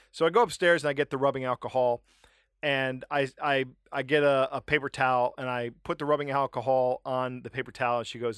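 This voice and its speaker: A middle-aged man hosting a comedy podcast, ranting wryly and telling animated anecdotes. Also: medium pitch, quick pace, clear, resonant tone, no room sound, studio quality. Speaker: podcast host. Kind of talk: casual comedic podcast chat and storytelling.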